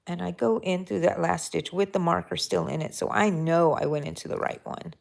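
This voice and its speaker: Middle-aged woman, crochet livestream host, low voice, very gravelly, soft and mellow, whispers now and then. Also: a little fast. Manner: soft, mellow, drifting into whispers while counting stitches. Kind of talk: live crochet tutorial chat.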